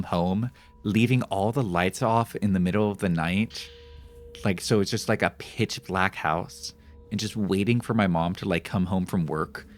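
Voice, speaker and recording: A young man chatting casually on a live game stream, rambling and reacting jumpily. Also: sits low. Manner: animated, jumpy reactions, rambling anecdotes.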